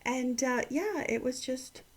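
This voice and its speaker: A middle-aged woman and mother telling a personal story and offering gentle encouragement, often dropping into soft whispers. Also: high-pitched, slow pace, husky. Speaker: vlog host giving encouragement.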